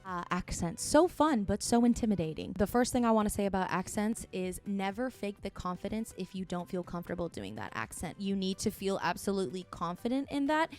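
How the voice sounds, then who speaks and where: A woman's voice: mid-range voice, lively intonation, brisk, few pauses, a little mellow, faint music behind. A woman actress answering viewer questions in an advice vlog, speaking in an earnest, encouraging, direct way.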